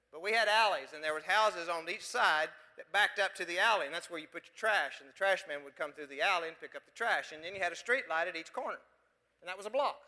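A man's voice: a little high, bright, forceful tone, big-room sound. A pastor from West Texas, preaching a sermon full of emphatic rhetorical questions to his congregation.

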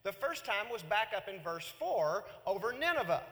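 A man preaching a sermon in an animated way, acting out the words of God and Jonah. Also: high-pitched, moderate pace, big-room sound. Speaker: pastor.

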